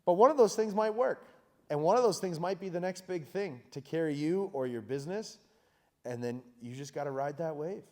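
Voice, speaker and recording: Energetic man speaking in a reverberant hall. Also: fairly high pitch, normal speed. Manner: energetic, self-mocking, emphatic. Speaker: founder on a panel. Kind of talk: animated panel storytelling. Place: conference hall.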